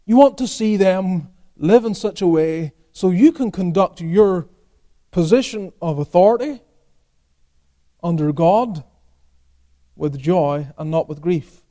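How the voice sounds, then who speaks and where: High-voiced man preaching a sermon. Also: slow pace, long pauses. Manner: preaches with rhetorical questions, rising emphatically then dropping quiet. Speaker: pastor.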